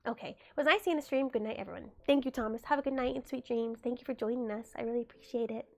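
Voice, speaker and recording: A woman's voice: fairly high pitch, fast talker, vocal fry. Chatty young woman getting over a cold. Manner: chatty, reads and answers chat aloud. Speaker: livestreamer. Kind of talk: casual livestream chat.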